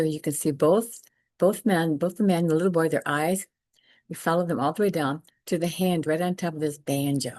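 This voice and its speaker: Low-voiced enthusiastic woman teaching art. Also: a little mellow, dry recording. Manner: enthusiastic, repeats herself, brisk asides. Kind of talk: casual lecture over slides.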